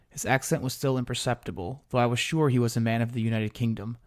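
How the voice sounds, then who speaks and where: A man reads a first-person story in a measured, deliberate way. His voice sits at a middle pitch, steady and unhurried. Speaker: narrator and writer.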